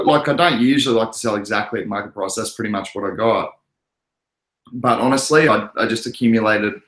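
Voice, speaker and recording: A young man from Queensland, Australia, hosts a crypto livestream, chatting casually and answering messages from his viewers. His voice is lowish and a bit bright, and his manner is laid-back and talkative. The room sounds echoey.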